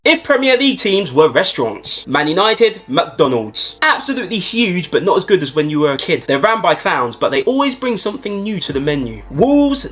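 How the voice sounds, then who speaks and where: A young man doing quick, jokey comedy sketches and switching between character voices. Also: high-pitched, big pitch swings, a bit bright. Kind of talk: comedy sketches playing several football characters.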